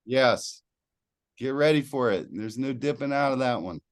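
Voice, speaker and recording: A man co-hosts a rock podcast in easy, casual chat. He speaks bluntly and swears freely, with a light, joking edge and an ordinary mid-range pitch. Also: normal speed, smooth. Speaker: podcast co-host. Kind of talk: casual chat about music.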